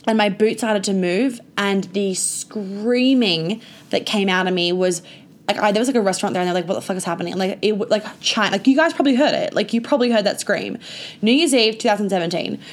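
Young woman vlogger, mid-pitch, loose storytime delivery, lots of fillers and cursing. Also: fairly quick. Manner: chatty, full of "like" and frequent swearing. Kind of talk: casual storytime monologue.

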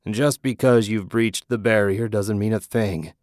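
Guy doing a mean gang boss, gruff and taunting, low voice, dry sound. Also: unhurried, dry recording, natural voice. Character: menacing male gang leader.

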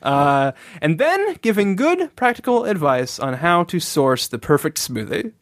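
Male podcast co-host, joking, lively delivery, dry sound. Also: fairly high pitch, a little slow, no room sound. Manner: reads listener reviews aloud, jokey. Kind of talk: casual chat.

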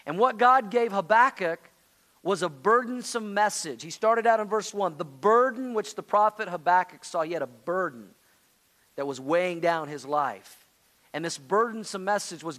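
A man preaching a sermon as pastor, moving between loud pleading outbursts and quiet, hushed lines. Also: sits high, expressive, moderate pace. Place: church sanctuary.

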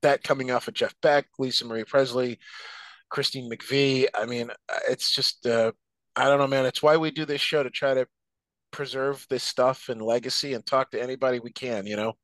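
A man's voice: medium pitch, fairly even intonation, normal speed, a bit bright, no room sound. A man co-hosting a rock podcast in casual chat, earnest and loose, with lots of fillers. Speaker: podcast co-host.

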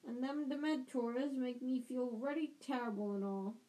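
A woman's voice: high voice, normal speed, mellow, lightly acted, rough recording. Woman reading as a mournful giant gamekeeper. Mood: gloomy. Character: gloomy giant gamekeeper man, tearful.

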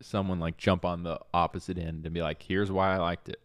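A man's voice: low voice, level tone, a little fast, dry recording, clean studio sound. A man co-hosting a casual live podcast chat, earnest and playful. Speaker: podcast co-host.

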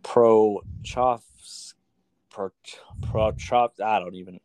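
A man's voice: lowish voice, steady tone, drawn-out words, darkish tone, dry recording. Swearing, name-fumbling American guy. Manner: casual, swears often, stumbles over names. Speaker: sports podcast co-host. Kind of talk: casual sports chat.

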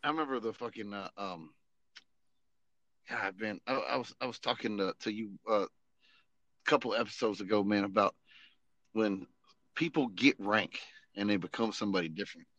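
A man, an Army veteran and podcast host, telling a casual, animated story full of swearing and "you know what I mean". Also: fairly low pitch, moderate pace, long pauses, no echo, highs cut off.

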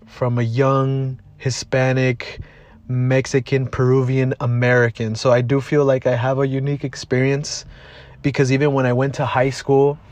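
Medium-pitched and darkish, recorded dry, this twenty-something from Southeast Los Angeles hosts a podcast. He gives a casual, motivational talk that's heartfelt, blunt and loaded with profanity.

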